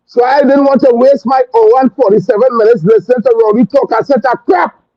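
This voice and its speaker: A man's voice: extremely high pitch, fairly even intonation, quick pace, no echo. A man with a Trinidadian accent hosting a talk show, delivering a fiery, scornful political rant full of repetition. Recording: dull lo-fi stream audio with faint hiss.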